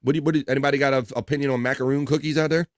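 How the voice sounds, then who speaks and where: A man's voice: mid-range voice, fairly even intonation, racing, dry recording, studio quality. A man hosts a live stream. He chats casually, reads out viewer comments, jokes and swears now and then. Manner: rambling, joking, swears casually.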